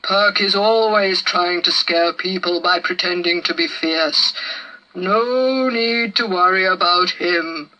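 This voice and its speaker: A woman doing a slow, kindly old brontosaurus. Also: fairly low pitch, lo-fi sound. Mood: reassuring. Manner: slow, warm-hearted, fatherly. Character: huge gentle kindly male brontosaurus. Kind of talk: storybook reading.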